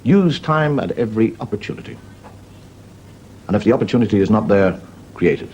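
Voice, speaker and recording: A man's voice: lowish voice, lively intonation, brisk, darkish tone, lo-fi sound, a little hiss or hum. A man, a wry comedian telling jokes and stories. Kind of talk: stand-up storytelling.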